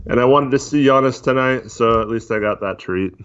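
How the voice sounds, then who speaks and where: Monotone man on a lo-fi stream. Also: mid-range voice, brisk, clean tone. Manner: monotone, many fillers. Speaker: podcast co-host. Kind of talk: casual livestream chat, reading chat. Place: voice only on a live stream. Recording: dull lo-fi stream audio.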